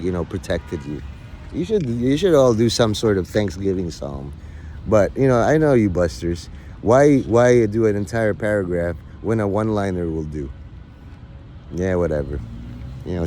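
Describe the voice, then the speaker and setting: A man's voice: fairly low pitch, mellow, slight background noise. A middle-aged man livestreaming, rambling in crude, mock-bossy rants at his viewers. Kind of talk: casual rant chat.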